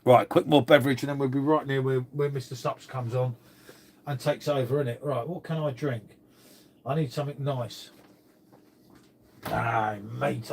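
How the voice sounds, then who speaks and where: A man's voice: mid-range voice, vocal fry, a little hiss or hum. A man, chatting casually on a live stream, joking, swearing and calling everyone mate. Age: 50s.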